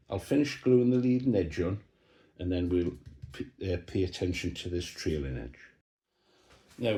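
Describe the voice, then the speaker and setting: A man talking through a model build, relaxed and thinking aloud as he explains each step. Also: medium pitch. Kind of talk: workshop build commentary. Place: hobby workshop bench. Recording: roomy workshop echo.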